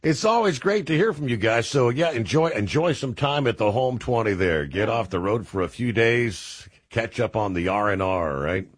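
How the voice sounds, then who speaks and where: A man hosting a radio call-in show, friendly and quick to laugh. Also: medium pitch, no room sound, studio quality. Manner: friendly, lively, laughs easily. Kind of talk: casual radio call-in chat.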